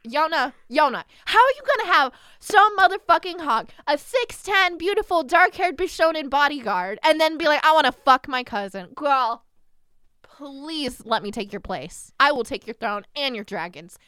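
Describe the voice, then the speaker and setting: A young woman co-hosting a casual anime podcast, animated and profane, laughing often and dropping into whispers. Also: high-pitched, normal speed, dry recording, studio quality. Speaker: podcast co-host.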